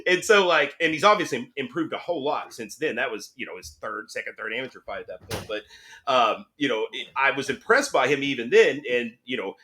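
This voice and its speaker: A man's voice: mid-range voice, expressive, brisk, bright, forceful tone, slight background noise. A man hosting a casual interview, asking questions in a rambling way with plenty of fillers. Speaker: interview host.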